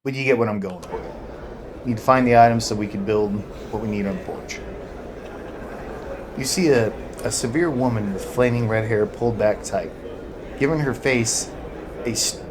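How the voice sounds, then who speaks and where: A man playing a role-playing game, rambling and reading the game text aloud, sounding distracted. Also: mid-range voice. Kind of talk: let's play commentary and reading. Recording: noisy home recording.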